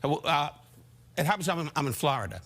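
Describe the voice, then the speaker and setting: Brief: older male comic, brash and teasing, lively swooping voice, a bit high, faint noise under him. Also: brisk. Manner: brash, teasing, rambling with restarts. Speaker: comedian guest. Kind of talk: talk show comic storytelling.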